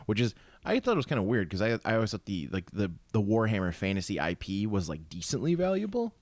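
A man in casual chat, swearing freely and telling stories with animated energy. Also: on the low side, quick pace, dry recording. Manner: profane, animated storytelling.

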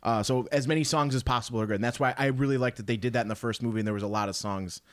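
A man in casual podcast chat about movies, animated and quick to mock outrage. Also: medium pitch, no echo, clean studio sound. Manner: animated, bursts into loud mock outrage and quoted lines. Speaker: podcast co-host.

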